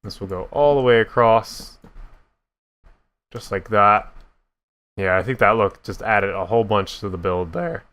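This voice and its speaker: Chatty young man with a deep voice. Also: expressive, measured pace, pauses often, fairly bright tone. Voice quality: deep voice prone to voice cracks. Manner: chatty, self-mocking, laughs at his own slips. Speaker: gaming YouTuber. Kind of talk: casual Minecraft building commentary.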